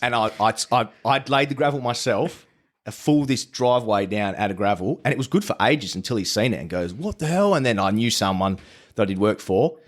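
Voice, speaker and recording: A man's voice: on the low side, a little fast. An Australian man telling his story as a podcast guest in a casual, laid-back way and swearing freely. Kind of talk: casual chat.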